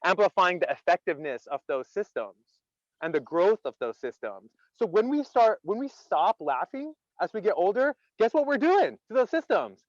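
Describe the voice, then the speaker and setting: Energetic male workshop host, high voice, chatty, quizzes the audience, dry dull video call sound. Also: normal speed, no echo. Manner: energetic, asks the audience many questions; chatty, many "like" fillers. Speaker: laughter workshop leader. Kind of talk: interactive online workshop talk.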